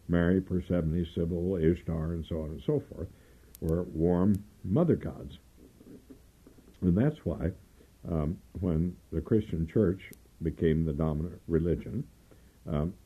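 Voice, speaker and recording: An older man, a trial lawyer, telling long stories in an interview and often clearing his throat. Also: low voice. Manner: rambling storyteller, frequent throat clearing. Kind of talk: oral history interview, storytelling. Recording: dull lo-fi tape, faint music.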